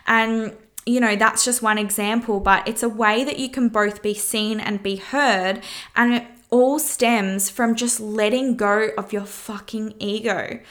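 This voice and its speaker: A woman's voice: fairly high pitch, steady tone, measured pace, a bit bright. A woman hosting her podcast, giving frank relationship advice in a casual monologue, swearing freely and asking rhetorical questions. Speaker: podcast host.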